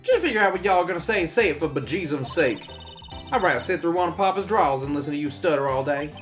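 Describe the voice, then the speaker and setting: A guy doing a brash southern country lady, twangy drawl, bouncy high voice jumping all over, faint music under it. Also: animated, fast, lightly acted. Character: brash loud Southern country woman photographer.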